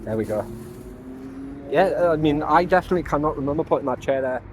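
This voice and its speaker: English man, vlogger, rambling shopping chatter, slightly high voice. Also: lively intonation, quick pace, darkish tone, a little hiss or hum. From England. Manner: chatty, rambling, many small exclamations. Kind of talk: casual chat while shopping.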